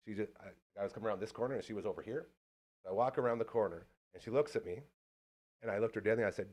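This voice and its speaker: A man's voice: on the low side, a little mellow. A man hosting a casual local podcast, telling stories in a hyped, cheering way. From Canada. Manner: fast, hyped storytelling with lots of cheering. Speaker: podcast host.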